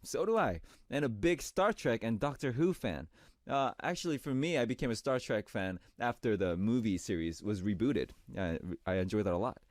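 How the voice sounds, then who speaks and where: A man hosting a radio show, chatting warmly and reading listener messages on air. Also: medium pitch, lively intonation, moderate pace, dry recording, clean studio sound. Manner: upbeat and chatty, reads messages in a brighter voice. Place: radio studio.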